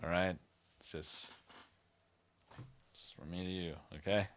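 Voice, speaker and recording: A man's voice: sits low, fairly even intonation, a little slow, a bit bright, pitched below the performer's own voice. A man putting on an awkward Gen X dad. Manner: fumbling, tries too hard to sound hip. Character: awkward middle-aged Gen X dad giving his teen son a talk.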